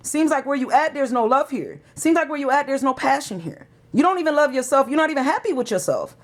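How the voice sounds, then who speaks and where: A woman's voice: sits high, lively intonation, quick pace. A woman gives a tarot reading. She talks in an emotional, preachy way, pressing each point with urgency. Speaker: tarot reader.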